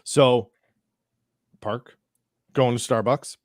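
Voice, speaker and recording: A man's voice: medium pitch, steady tone, extremely slow, no room sound, studio quality. A man hosting a podcast, telling a rambling anecdote in casual chat, full of restarts and acted-out quotes. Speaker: podcast host.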